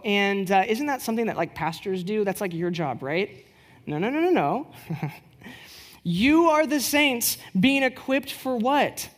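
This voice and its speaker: A woman giving a casual teaching talk at church, conversational with rhetorical questions and lively storytelling. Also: mid-range voice, unhurried. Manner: lively storyteller who acts out quoted dialogue.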